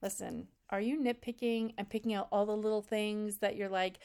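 A woman working as a relationship coach, talking in a blunt, candid and animated way in a direct coaching monologue. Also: medium pitch, normal speed, hardly any pauses, a little hiss or hum.

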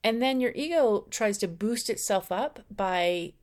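A woman giving a conversational spiritual teaching talk, acting out the anxious and calm inner voices now and then. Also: mid-range voice, unhurried. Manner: acts out voices of ego and intuition; conversational, with slips and restarts. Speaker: spiritual speaker.

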